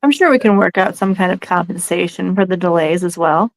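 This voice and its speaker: A woman reading a diplomatic male character in a comic script read-through, calm and placating. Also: fairly low pitch, a little fast, dry recording, pitched below the performer's own voice, lightly acted.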